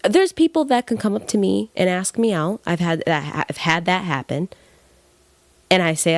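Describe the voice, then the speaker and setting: A woman's voice: on the low side, normal speed, no room sound. A young woman hosting a podcast, talking bluntly in a heated, casual monologue and swearing freely. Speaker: podcast host.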